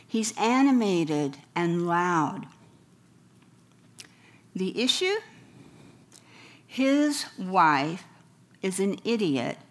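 A middle-aged woman, a counselor, telling personal stories to an audience with wry humor. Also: medium pitch. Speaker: counselor and speaker. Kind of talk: storytelling talk.

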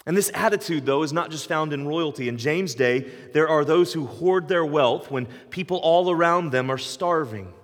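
A man's voice: fairly high pitch, moderate pace, few pauses. Earnest man preaching in a big hall. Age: 40s. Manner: earnest, with repeated phrases and emphatic build-ups. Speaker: pastor. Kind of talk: sermon.

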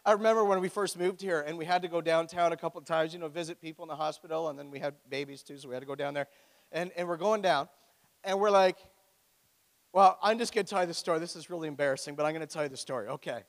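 A man's voice: a little high, quick pace, creaky. A man preaching a sermon as pastor, with a joking, conversational storytelling manner. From Ontario, Canada. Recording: echoey hall.

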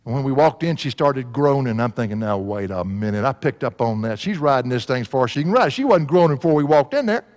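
A man's voice: mid-range voice, animated, fast, hardly any pauses, darkish tone. A man preaching a sermon, folksy and laughing at his own stories. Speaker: pastor. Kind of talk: sermon with storytelling. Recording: long hall reverb.

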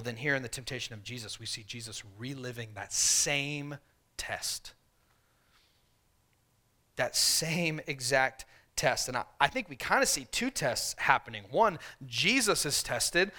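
Bright-voiced male pastor preaching. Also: expressive, measured pace. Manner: conversational preaching, voicing the tempter in soft low tones. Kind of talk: sermon.

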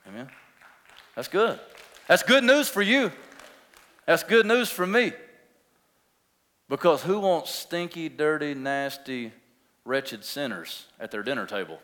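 A man's voice: on the high side, sing-song, unhurried, gravelly, long pauses, a bit bright. A young adult man preaching a sermon as pastor, impassioned and drawing the congregation in. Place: church. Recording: long reverb of a church hall.

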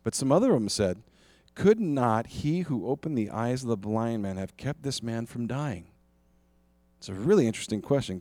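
A man preaching a sermon as pastor, retelling a Bible story in a conversational, animated way with rhetorical questions. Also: medium pitch, normal speed, dry recording.

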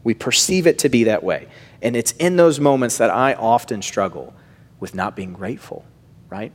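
A man preaching a sermon, swinging from emphatic lines down to hushed, near-whispered phrases. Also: medium pitch, expressive, moderate pace. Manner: wide swings of loudness, dropping to near-whisper on key phrases. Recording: long reverb of a large hall.

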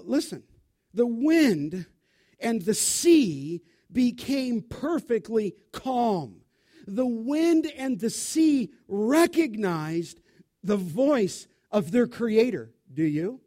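A man preaching a sermon in an animated, emphatic, conversational way, full of rhetorical questions. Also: sits high.

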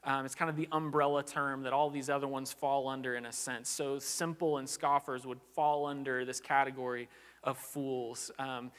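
Earnest preacher in a reverberant hall. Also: male voice, mid-range voice, level tone, normal speed, fairly bright tone, clear, resonant tone. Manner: earnest, conversational, frequent "like" and restarts. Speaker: pastor. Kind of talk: sermon.

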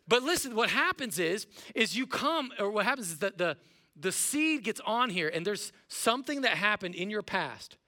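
A middle-aged male pastor preaching a sermon in a playful, animated way, acting out voices of his listeners. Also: high voice, normal speed. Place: church auditorium.

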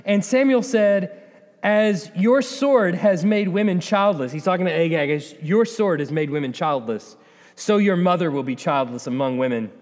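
A man preaching a sermon in a conversational, animated way, often acting out the voices of the people in the story. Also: fairly high pitch, big-room sound. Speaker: pastor.

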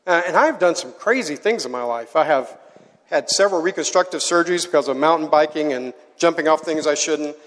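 High-voiced animated preacher man. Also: brisk. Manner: animated storyteller, asks the audience to join in. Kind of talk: sermon story to a live audience. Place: large hall. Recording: hall with long reverb.

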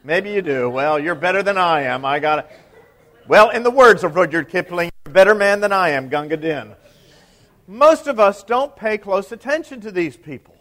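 High-voiced man preaching conversationally. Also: lively intonation, normal speed, a bit bright. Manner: conversational preaching with rhetorical questions to the congregation. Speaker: priest. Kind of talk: sermon.

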